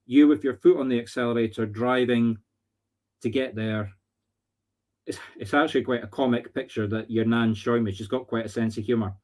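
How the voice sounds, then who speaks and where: A Scottish man working as a medium on a live stream, talking earnestly and haltingly, often searching for words. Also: medium pitch, fairly even intonation, a little mellow. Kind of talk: live-streamed spirit readings.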